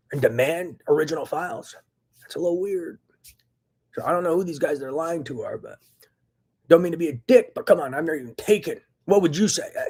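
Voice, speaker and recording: A man ranting angrily into the camera in a profane, agitated monologue, swinging between loud outbursts and low muttering. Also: husky. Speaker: vlogger.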